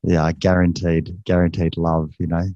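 A male interview host speaking haltingly, repeating words as he gathers his thoughts, in a dull lo-fi recording. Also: deep voice, flat delivery, dark tone, no room sound.

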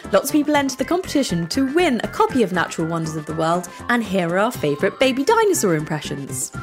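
A woman hosting a podcast for children, reading a script in a bright, expressive way. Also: mid-range voice, quick pace, soft background music. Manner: bright, lively, expressive delivery.

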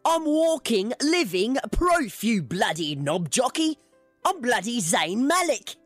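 A man's voice: very high-pitched, wildly swooping pitch, takes it slowly, fairly bright tone, dry recording, faint music behind, pitched above the performer's own voice, exaggerated voice. A radio host with an Australian accent putting on the voice of a cocky young male pop star during a comedy fan fiction reading. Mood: indignant.

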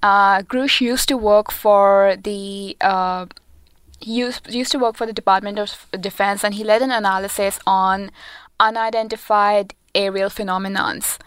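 A woman's voice: medium pitch, steady tone, a little slow, fairly bright tone, clean tone, no echo. Young woman explaining news, dry sound. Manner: explanatory, with hesitations and restarts. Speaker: co-host presenting a science segment. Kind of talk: casual podcast chat.

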